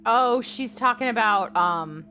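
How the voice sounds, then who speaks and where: A woman streamer cracks crude, sarcastic jokes while she plays. Her pitch swings widely from line to line. A faint hiss of noise sits under her voice. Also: lively intonation, measured pace. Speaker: gaming streamer. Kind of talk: casual game commentary.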